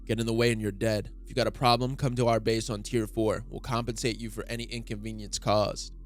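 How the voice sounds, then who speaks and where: A man's voice: lowish voice, flat delivery, brisk, close to an everyday voice. A man voicing a threatening male gang enforcer, reading manga dialogue aloud.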